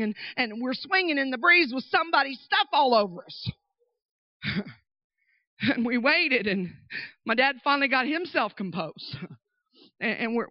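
Animated woman telling a story in a sermon. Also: fairly high pitch, no room sound. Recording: dull dry recording.

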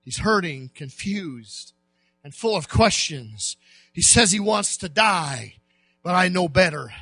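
Fired up male preacher, hollering slow and husky, dry sound. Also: sits high, expressive, dry recording. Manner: impassioned, shouting and crying out. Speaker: pastor. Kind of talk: sermon.

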